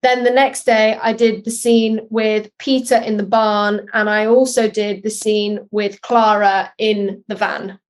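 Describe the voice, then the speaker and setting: A woman's voice: medium pitch, level tone, a little slow, few pauses. A young adult woman, an actress guest, chatting through interview answers with ums and self-deprecating laughs. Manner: chatty, laughs at herself, many ums and likes.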